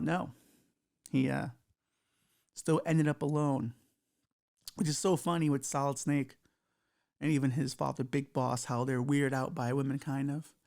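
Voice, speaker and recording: A man's voice: on the high side, creaky, darkish tone. A middle-aged man hosting a podcast, delivering a crude, rambling, self-mocking comedic monologue. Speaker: podcast host.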